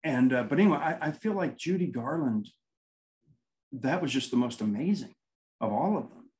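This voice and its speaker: Man guest, mid pitch, rambling storyteller who acts out quoted exchanges. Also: normal speed, low-quality recording. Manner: rambling, animated anecdotes with quoted dialogue. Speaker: paranormal investigator guest. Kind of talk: casual interview storytelling.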